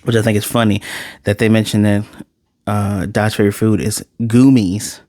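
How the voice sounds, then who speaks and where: A man casually reviewing an anime episode in a sarcastic, animated way, his voice jumping high for emphasis. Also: moderate pace, no echo, studio quality.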